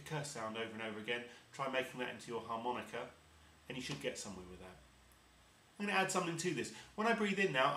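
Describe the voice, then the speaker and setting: Recorded from a distance in an echoey room, a man with a high-ish, pushed and bright voice gives a step-by-step harmonica lesson. He patiently explains each sound and then demonstrates it.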